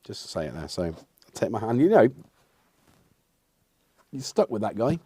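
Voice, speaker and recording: A man's voice: fairly low pitch, sing-song, normal speed, long pauses, warm tone, breathy edge, no echo. A middle-aged English man hosting a casual livestream, rambling and self-mocking as he answers the chat. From England. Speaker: livestream host.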